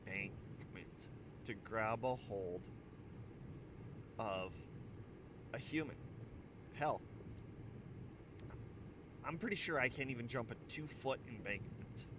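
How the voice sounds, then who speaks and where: A male morning show host chatting casually into a handheld mic, his medium voice rising and falling in an animated way. He rambles through jokey anecdotes, often chuckling at his own lines. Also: medium pitch, noisy background. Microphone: handheld microphone.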